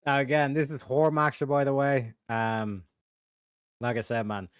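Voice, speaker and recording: A man's voice: mid-range voice, measured pace, background noise. A man hosting a stream, reading out roast jokes and reacting in casual, profane commentary with bursts of laughter. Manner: profane, animated, laughs through roast lines. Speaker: streamer host.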